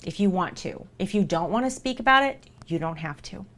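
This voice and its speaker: A woman's voice: medium pitch, animated, brisk, fairly bright tone. Earnest woman streamer reassuring her viewers. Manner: earnest and reassuring, repeats for emphasis. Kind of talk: live-stream chat to viewers.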